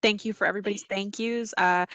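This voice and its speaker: A woman moderator hosting a webinar in a relaxed way and reading questions from the chat. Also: mid-range voice, fast talker, no room sound. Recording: dull lo-fi webinar audio.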